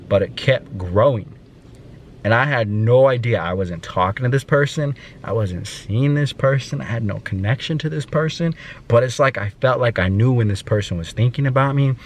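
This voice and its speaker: Man, vlogger, rambling, emotional, talks to himself, medium pitch, faint background hiss. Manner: rambling, emotional, self-talking with fillers. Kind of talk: personal vlog monologue.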